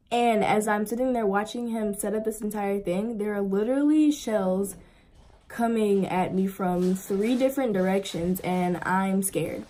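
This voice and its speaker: A woman's voice: medium pitch, measured pace. A young woman vlogger telling a story in a casual, rambling way, full of fillers. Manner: rambling, filler-heavy, animated retelling.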